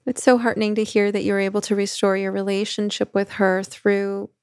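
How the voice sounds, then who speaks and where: Gravelly, affirming woman interviewer. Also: mid-range voice, little pitch movement, a little mellow, dry recording, studio quality. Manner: measured and affirming. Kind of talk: supportive interview reflection.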